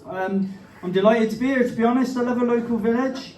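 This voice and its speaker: A man's voice: very high voice, moderate pace, background noise. A male comedian hosting a village-hall gig, chatty and cheeky, swearing and teasing the crowd. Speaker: comedian and compere. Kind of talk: stand-up comedy and crowd banter. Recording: echoey hall, distant mic, crowd laughter.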